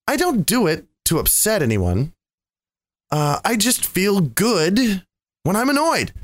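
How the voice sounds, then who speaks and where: Sarcastic podcast host musing out loud, really lively voice, dry mic. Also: medium pitch, no room sound. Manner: wry, sarcastic, animated storytelling. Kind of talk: reflective monologue.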